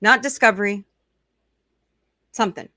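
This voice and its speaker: A woman's voice: mid-range voice, normal speed, pushed and bright, no echo, studio quality. Chatty woman host reading viewer comments. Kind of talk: casual live-stream chat.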